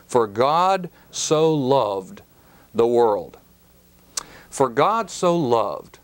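A man teaching scripture on a broadcast program, speaking at an unhurried, measured pace. His pitch sits in a middle range, and he leans hard on the key words as he explains them. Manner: slow, deliberate, emphatic on key words. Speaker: Bible teacher.

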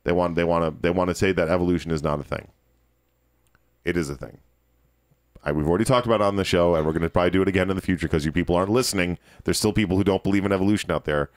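A man hosting a podcast, giving animated, opinionated commentary with frequent restarts. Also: deep voice, no echo, studio quality. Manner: animated, ranting, quick restarts. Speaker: podcast host.

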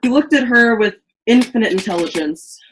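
A woman's voice: fairly high pitch, lively intonation, normal speed, a little hiss or hum, rough recording. A woman reading the narration of an amateur virtual stage play in a melodramatic way, often stumbling and restarting lines.

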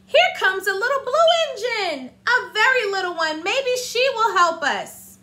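A woman playing a cheerful little storybook toy clown, the group's cheerleader, calling out brightly and eagerly. the voice sits high and carries a little louder. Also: animated, unhurried, heavily acted. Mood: hopeful.

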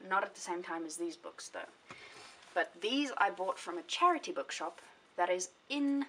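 Chatty young woman, slightly low voice. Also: animated, moderate pace, fairly bright tone. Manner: rambling, self-correcting, chatty. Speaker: book vlogger. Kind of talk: casual chat. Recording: voice a bit distant from the mic, faint hiss.

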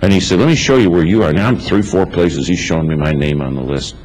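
A man's voice: deep voice, fast talker, darkish tone, slight background noise, low-quality recording. A man preaching a sermon in a church, telling stories with emphatic repetition. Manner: emphatic, builds lists with repetition. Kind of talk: storytelling sermon.

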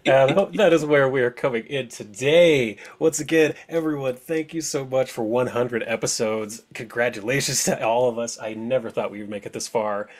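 A man's voice: medium pitch, moderate pace, hardly any pauses, a little hiss or hum. A man running a tabletop game as game master, narrating dramatically and chatting with a laugh.

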